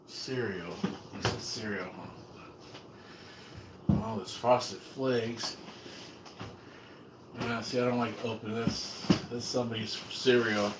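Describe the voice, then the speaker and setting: A man's voice: medium pitch, steady tone, takes it slowly, long pauses, heavy background noise. A man from California livestreaming casual chat, rambling and swearing, often trailing off and restarting. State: low blood sugar, shaky.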